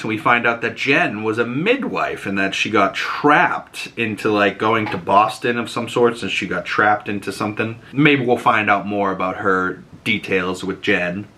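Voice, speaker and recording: A man's voice: fairly low pitch, sharp tone. A man hosting a casual episode recap, chatty and loose, telling the story with lots of fillers. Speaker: host reviewing a TV episode.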